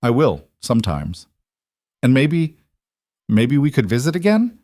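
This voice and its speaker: A man's voice: medium pitch, wildly swooping pitch, unhurried, mellow, no echo, clean studio sound, pitched above the performer's own voice. A man voicing a resilient young wife in a storybook, firm and plain-spoken, lifted somewhat above his own voice.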